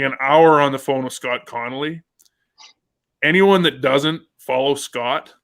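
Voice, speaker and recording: A man's voice: mid-range voice, a bit bright. A man hosting a casual live fishing show, upbeat and chatty, reading out viewer comments. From Canada. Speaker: host.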